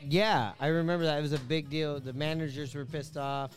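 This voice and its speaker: A man's voice: a little high, a little fast, soft background music. A man hosting a casual sports podcast, joking around and swearing freely. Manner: excitable, swears freely, jokey. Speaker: podcast host. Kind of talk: casual chat.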